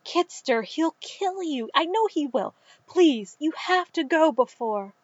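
A fearful, anxious young slave woman who talks in hushed tones, as a woman narrator puts her on in a storybook reading. She speaks slowly and a little high. The recording is dull and dry. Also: animated, no room sound.

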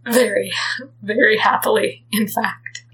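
A woman reading a story aloud as narrator, gentle and expressive. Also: mid-range voice, unhurried, rough recording. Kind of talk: reading fan fiction aloud.

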